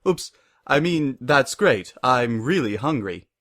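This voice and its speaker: A man's voice: mid-range voice, expressive, slow, fairly bright tone. A man doing a posh, prim mare. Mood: playful. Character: refined, prim grown-up mare.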